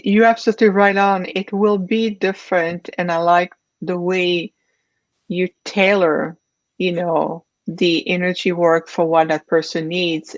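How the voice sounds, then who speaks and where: Low-voiced woman host, dull dry sound. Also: no echo. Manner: affirming, enthusiastic. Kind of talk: casual interview hosting.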